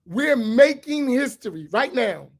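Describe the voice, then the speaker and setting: A man's voice: very high voice, sing-song, measured pace. A man speaking as an imam, giving an emphatic lecture-style sermon and repeating his key points. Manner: asks for slides to be put up.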